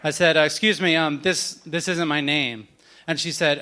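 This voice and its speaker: A man's voice: a little high, fairly even intonation, normal speed, sharp tone. A man in his thirties telling a wry, self-deprecating story on stage at a live event, acting out the other people in it.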